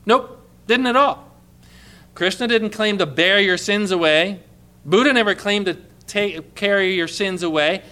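A man's voice: high voice, moderate pace, pushed and bright, clean tone. A male pastor preaching a sermon, quoting scripture with mounting, emphatic fervor.

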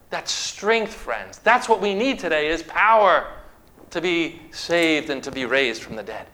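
A male preacher delivers a sermon in an emphatic, declamatory way. His voice is bright and forceful, sitting a little high for a man. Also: expressive, moderate pace. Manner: emphatic, declamatory preaching, reading scripture aloud.

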